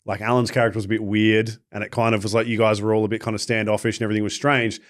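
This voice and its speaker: A male podcast host chats loosely and drifts through his thoughts with plenty of fillers. His voice sits somewhat low. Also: flat delivery, racing. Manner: rambling, with many fillers, trailing off. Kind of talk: casual interview chat.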